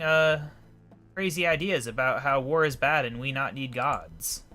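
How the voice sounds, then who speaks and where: A man voicing a stern male goblin high priest in a video game, speaking in emphatic, broken grammar. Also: bright, forceful tone.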